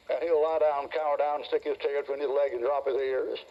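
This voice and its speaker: An older man preaching a fiery, mocking sermon to a congregation, yelling and growling as he goes. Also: a little high, little pitch movement, brisk. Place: church before a congregation. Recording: muffled old tape with hiss.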